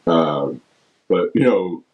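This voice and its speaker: Low-voiced man telling a story. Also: slow, dull audio. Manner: animated storyteller, acts out teammates' lines. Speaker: former basketball player, guest. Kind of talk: casual storytelling interview.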